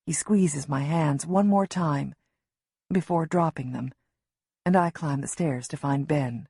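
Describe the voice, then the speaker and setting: A woman narrating an audiobook in the first person as a worried mother, measured and emotionally engaged. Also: deep voice, mellow, husky, no echo, studio quality.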